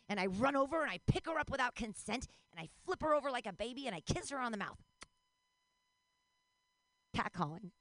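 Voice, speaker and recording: A woman's voice: on the high side, animated, brisk, long pauses, fairly bright tone, no echo. A woman in her forties doing a rambling, bawdy stand-up comedy set, breaking into squeals and laughs. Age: 40s.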